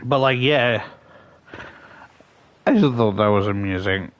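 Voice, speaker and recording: A man's voice: on the low side, takes it slowly, lo-fi sound. Sick, sore-throated man ranting. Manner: swears a lot, ranting anecdotes. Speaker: streamer. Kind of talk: casual storytelling while gaming.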